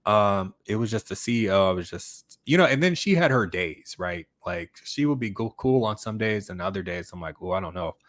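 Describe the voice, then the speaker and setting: Deep-voiced man rambling casually. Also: expressive, moderate pace, few pauses, fairly bright tone, no room sound. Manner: rambling, conversational, many fillers and restarts. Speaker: YouTube channel host. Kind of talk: casual livestream chat reading comments.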